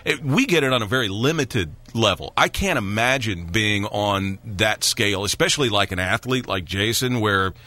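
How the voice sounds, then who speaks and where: A man's voice: on the low side, lively intonation, normal speed, few pauses, sharp tone. A man hosting a radio interview, chatty, with stumbling restarts. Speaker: radio show host.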